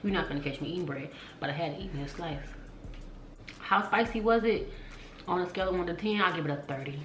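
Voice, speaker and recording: A woman's voice: fairly low pitch, fast talker, soft background music. A young woman vlogging casually to camera, chatty and slangy, calling out to her viewers often. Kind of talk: casual vlog chat to camera. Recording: echoey room.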